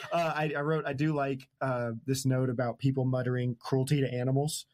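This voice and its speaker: A man hosts a podcast, retelling a book in casual, chatty fashion. He jokes constantly, laughs at his own asides, and lets sentences trail off mid-thought. His voice sits at an ordinary middle pitch for a man. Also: steady tone, normal speed, noisy background. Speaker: podcast host.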